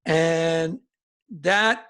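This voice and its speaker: A middle-aged musician from northern New Jersey and Alabama, appearing as a guest in a casual interview, tells rambling anecdotes and acts out the voices of the people he quotes. His voice is fairly high, very slow, pushed and bright, yet smooth.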